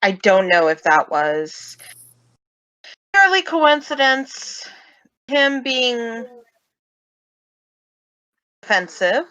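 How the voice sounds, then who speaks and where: A woman game master with a bright, lowish voice, talking at an unhurried pace. She weighs her words and sometimes hesitates mid-thought. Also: muffled recording. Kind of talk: narrating a tabletop game.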